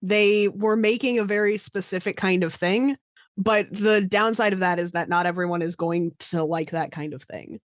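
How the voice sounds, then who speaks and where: A woman's voice: mid-range voice, normal speed, no echo, lo-fi sound. A woman co-hosting a horror movie podcast in casual chat, laughing between points. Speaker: podcast co-host.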